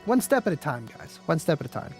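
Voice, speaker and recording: A man's voice: fairly high pitch, very animated, fast, faint music behind. A man hosting a live stream, chatting casually with viewers, laid-back and chatty, laughing often and calling people "man" and "dude".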